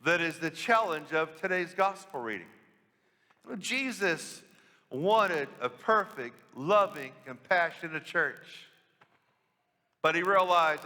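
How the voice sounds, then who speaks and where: Priest, homily voice, high and bright, conversational, church reverb. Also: male voice, animated, takes it slowly. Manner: conversational, asks the congregation questions. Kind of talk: storytelling sermon.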